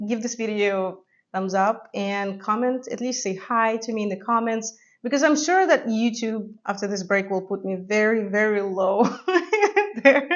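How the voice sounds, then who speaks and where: A woman's voice: medium pitch, lo-fi sound. A woman vlogger talking casually and dreamily about perfumes, with frequent fillers. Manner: soft, dreamy and descriptive, with many fillers. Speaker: fragrance vlogger. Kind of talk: casual fragrance review talk.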